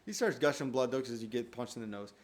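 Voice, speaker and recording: A man telling a personal story on his podcast in a profane, animated, laughing way. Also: mid-range voice, quick pace. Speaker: podcast host.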